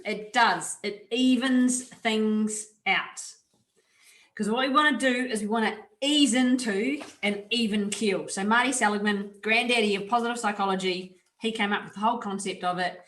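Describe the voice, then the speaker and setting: A woman's voice: medium pitch, fairly bright tone, roomy sound, distant mic. A woman co-presenting a webinar over a video call, talking emphatically with casual slang. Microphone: video call mic.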